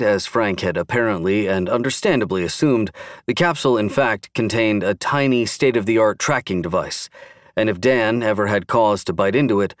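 Low-voiced male audiobook narrator. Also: no echo, studio quality. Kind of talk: scripted narration.

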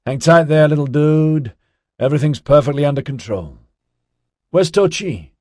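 A man voicing a laid-back, chatty young man who talks in hippie slang with an excitable drawl. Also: fairly low pitch, measured pace, no room sound, clean studio sound, pitched above the performer's own voice. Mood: cheerful.

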